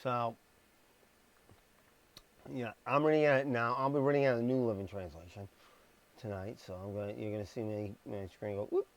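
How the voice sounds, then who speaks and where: A man's voice: mid-range voice, fairly even intonation, normal speed, pauses often. A man reading scripture on a live stream, stressing words and dropping blunt, sarcastic asides. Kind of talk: live-streamed Bible message. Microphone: streaming microphone.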